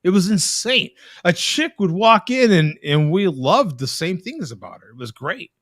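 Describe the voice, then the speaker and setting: Brief: male talk-show host, animated joker, bright and gravelly voice, bone-dry sound. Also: high voice, normal speed, no room sound. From Southern California. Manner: joking, animated, teasing. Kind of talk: casual live-stream chat.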